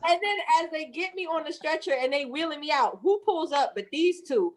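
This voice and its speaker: A woman's voice: sits high, a little fast, hardly any pauses. A woman in her thirties telling a birth story with lots of laughter and swearing, acting out every voice in the story. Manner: lively, laughing, cussing, acts out voices. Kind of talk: animated storytelling with acted-out quotes.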